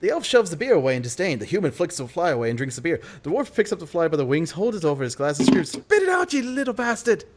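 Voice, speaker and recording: A tiny windling jester cracks one-liners for a street crowd, as a man puts him on. The voice is pitched up high and bounces through showy punchlines. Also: very animated, very fast, hardly any pauses, a little mellow. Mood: joking. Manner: showy, punchline-driven stand-up delivery. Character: tiny male windling jester telling jokes.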